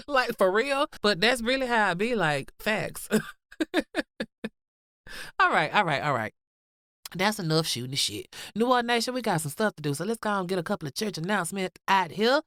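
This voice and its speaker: A woman's voice: mid-range voice, lively intonation, normal speed, a bit bright, no echo. Sassy woman hosting a podcast. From Georgia, US. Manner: sassy, playful, laughs often, drawls endearments. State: congested, nasal from the cold. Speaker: podcast host. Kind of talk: casual chatty podcast intro.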